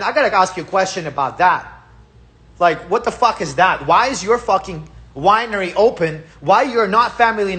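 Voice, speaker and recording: In Palm Springs, a man whose first language is Russian goes on a heated, profane, casual monologue, repeating himself. His voice is high with a fairly bright tone.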